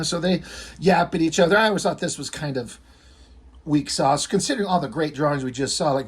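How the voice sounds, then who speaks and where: A man's voice: on the high side, breathy edge. A man reviewing a comic book in a casual vlog, ranting with profane exasperation.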